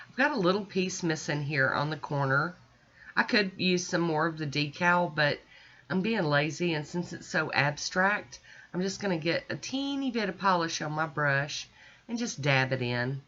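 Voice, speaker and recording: A woman's voice: low voice, lively intonation, moderate pace, a bit bright, highs cut off. A woman chatting casually as she narrates each step of her nail art, self-deprecating and easygoing. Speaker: nail art video creator.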